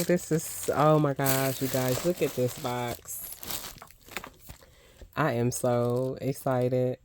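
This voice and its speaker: An older woman doing a casual unboxing vlog, gushing with excited exclamations as she shows off crafting supplies. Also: very deep voice, takes it slowly. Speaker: crafting vlogger.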